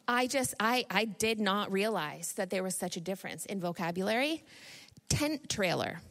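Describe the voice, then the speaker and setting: A woman's voice: medium pitch, a bit bright. A woman in her thirties from Northern New York giving an informal, chatty sermon full of personal stories, laughing often and restarting her sentences. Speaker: speaker at a church gathering.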